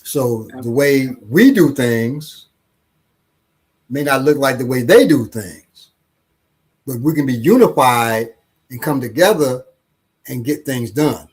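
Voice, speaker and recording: A man, an author, answering interview questions slowly and thoughtfully, often repeating words as he thinks, with a husky voice. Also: medium pitch, animated, a little mellow. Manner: acts out quoted voices in playful anecdotes.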